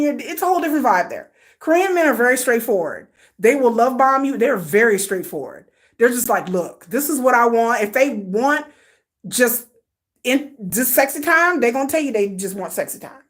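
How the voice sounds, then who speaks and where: An older woman hosting a livestream, talking bluntly and emphatically in casual slang, firing off repeated rhetorical questions at her viewers. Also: high-pitched. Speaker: host. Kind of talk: livestream commentary rant.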